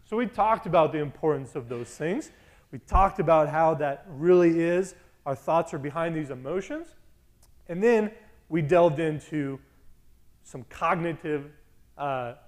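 A man preaching a sermon in a conversational, animated way, with storytelling and asides. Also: fairly high pitch.

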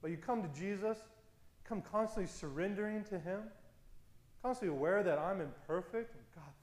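A man preaching a sermon as pastor, casual and energetic, with quick laughs and chatty asides. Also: sits high, reverberant, rough recording.

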